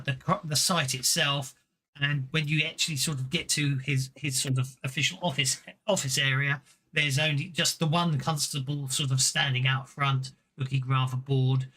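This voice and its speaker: A man's voice: medium pitch, pushed and bright. A man running a tabletop game as game master, hesitant, with many fillers and restarts.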